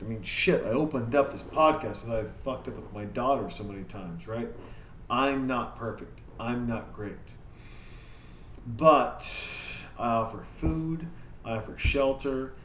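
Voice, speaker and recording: A man's voice: medium pitch, a bit bright, a little hiss or hum. A man hosting a podcast, talking candidly and self-critically in a casual monologue, swearing freely. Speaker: podcast host. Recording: echoey room with faint ambience.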